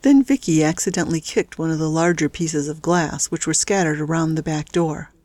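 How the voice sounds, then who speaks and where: Low-voiced woman reading a story. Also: a little fast, a little mellow, no echo. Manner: reads all characters with small pitch shifts. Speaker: audiobook narrator. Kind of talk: scripted narration.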